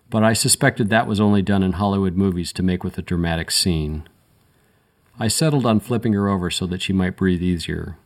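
A man narrating a first-person crime story in a measured, dry, matter-of-fact way. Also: sits low, a little mellow. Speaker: audiobook narrator.

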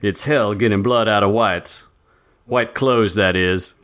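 A man's voice: fairly low pitch, fairly even intonation, measured pace, fairly bright tone. A man voicing a sour male henchman who makes cruel jokes. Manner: sour, mocking.

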